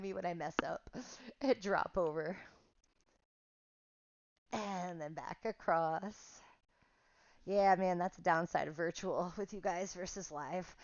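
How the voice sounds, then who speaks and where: A woman's voice: on the low side, a little slow, pauses often, a little mellow, no echo, lo-fi sound. A woman teaching a pilates class online, counting reps aloud and chatting in a casual, self-deprecating way. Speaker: pilates instructor. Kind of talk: guided workout instruction.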